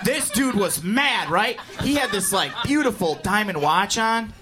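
A man from Indiana performing a stand-up comedy set, telling stories in an animated way and breaking into loud shouted impressions. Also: high-pitched, measured pace. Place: comedy club stage. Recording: club recording with audience noise.

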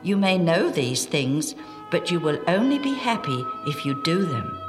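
A woman reading a calm, gentle teacher. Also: lowish voice, in a large hall, soft background music. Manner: calm, measured.

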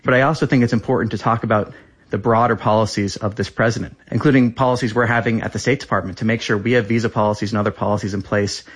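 A man's voice: on the low side, steady tone, fast, husky. A man in his thirties, a government spokesperson, answering interview questions with insistent, repeated talking points.

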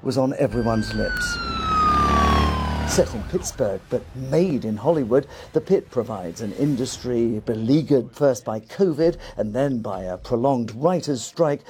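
A man narrating a news report as a correspondent, in a measured delivery. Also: mid-range voice, wildly swooping pitch, noisy background.

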